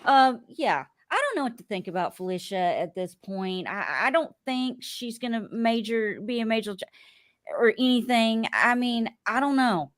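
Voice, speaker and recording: A woman's voice: on the high side, lively intonation, normal speed, no echo. A woman hosting a podcast in casual chat, rambling and chatty with many fillers. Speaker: podcast host.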